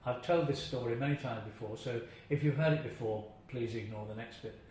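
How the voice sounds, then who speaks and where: Fairly quick and a little mellow, an older man with a medium-pitched voice swaps chatty stories about his acting past for an interviewer. He chuckles and imitates voices now and again, recorded in a very reverberant room with slight hiss.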